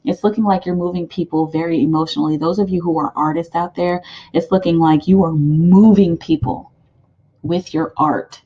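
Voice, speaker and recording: Mellow low-voiced woman reading tarot. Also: moderate pace, lo-fi sound. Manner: rambling and animated, with many fillers and laughs. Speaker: tarot card reader. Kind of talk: casual pick-a-card tarot reading.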